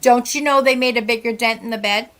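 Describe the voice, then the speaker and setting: A woman psychic medium from Massachusetts, chatting as a guest and telling lively stories, acting out the lines of other people as she goes. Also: on the high side, quick pace. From Central West Massachusetts. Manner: animated, acts out quoted dialogue with sighs and laughs. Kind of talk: casual storytelling chat. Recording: podcast interview.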